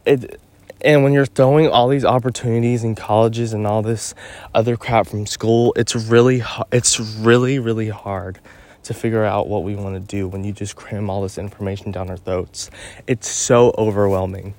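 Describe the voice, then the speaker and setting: A fairly low, darkish male voice speaks at normal speed with flat delivery and no room sound. It's a teenage boy, a podcast host, rambling and ranting into his phone while walking his dog outdoors, his casual monologue heavy with "like" and "um."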